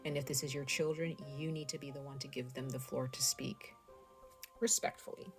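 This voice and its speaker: Woman tarot reader, casual and direct, low voice, faint background music. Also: fairly even intonation, brisk. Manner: chatty, speaks straight to viewers with many fillers. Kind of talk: casual tarot reading to camera.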